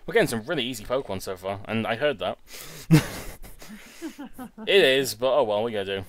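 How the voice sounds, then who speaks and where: A man's voice: medium pitch, lively intonation, a little fast. A young man in his twenties hosting a let's-play, rambling casually and tripping over his words. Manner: chatty, rambling, stumbles and repeats words. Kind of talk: casual gameplay commentary. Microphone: home recording setup.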